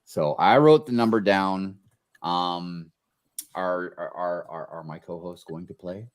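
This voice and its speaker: A man's voice: deep voice, slow pace. A man hosting a live-stream chat show, exclaiming and apologizing in a sing-song way as he runs a giveaway. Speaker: host.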